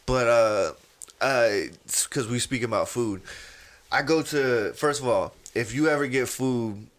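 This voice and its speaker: A man's voice: mid-range voice, measured pace. A man, telling a long story on a podcast in casual chat and acting out the people in it. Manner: animated storyteller, acts out others' voices. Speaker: podcast co-host.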